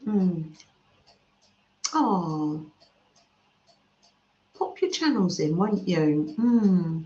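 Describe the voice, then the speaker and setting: A woman gently chatting with her livestream viewers and reading their comments aloud, with soft murmurs and coos. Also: lowish voice, big pitch swings, extremely slow. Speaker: craft livestream host. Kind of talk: casual chat reading live comments. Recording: slightly dull sound in an echoey room.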